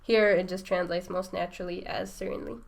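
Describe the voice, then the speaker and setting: A woman's voice: fairly low pitch, flat delivery, a little fast, creaky. A woman teaching Arabic grammar to a student, explaining rules patiently and checking understanding as she goes.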